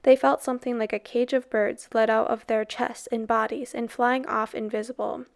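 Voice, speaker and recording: A woman reading a novel aloud in a steady, expressive storytelling way. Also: on the high side, normal speed, no room sound, studio quality. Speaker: reader.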